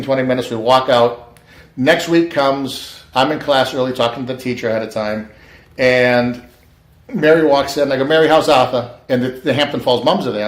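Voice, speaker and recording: A man recounts a personal story in a loose, conversational way. He acts out the quoted dialogue with bursts of emphasis, and his voice sits at a medium pitch. The room around him rings with a clear echo. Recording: echoey room.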